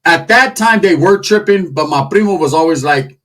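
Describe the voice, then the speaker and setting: A man telling a crude, slang-filled comedic story in an animated way. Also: fairly high pitch, moderate pace, far from the mic.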